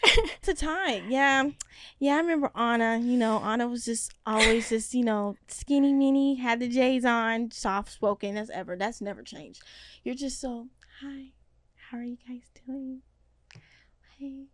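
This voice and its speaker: A young woman hosting a podcast, chatting casually and joking, jumping between loud bursts and hushed asides. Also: fairly high pitch, moderate pace, dry recording. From Seattle area. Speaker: podcast host. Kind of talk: casual chat.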